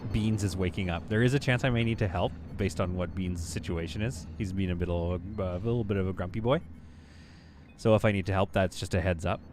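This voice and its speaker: A man's voice: sits low, fairly even intonation, a little fast, a little mellow, a little hiss or hum. A man streaming a game live, chatting casually, laughing often and reading viewer comments aloud.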